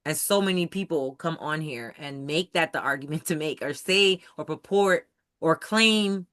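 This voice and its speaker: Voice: mid-range voice, moderate pace, a bit bright, no room sound, clean studio sound. A host leading a live video-call study session. The host talks emphatically and keeps asking whether everyone understands. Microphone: computer mic on a video call.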